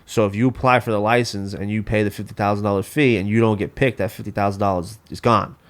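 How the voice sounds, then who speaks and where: Male podcast guest, low and quick, rants with many restarts. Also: steady tone. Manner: ranting, repeats words and restarts. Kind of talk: casual podcast chat. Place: home studio.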